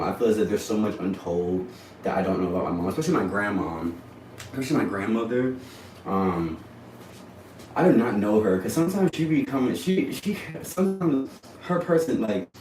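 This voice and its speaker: Young guy rambling through a story on his stream, lowish voice, kinda far from the mic in an echoey room. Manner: animated, rambling, profane, often laughs. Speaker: livestream host. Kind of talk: casual livestream storytelling. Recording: roomy sound, distant from mic, faint background noise.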